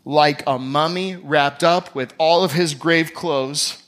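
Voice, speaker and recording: A man's voice: a little high, steady tone, slow, fairly bright tone. A man preaching a sermon, telling a Bible story with drama and acting out the scenes. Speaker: pastor.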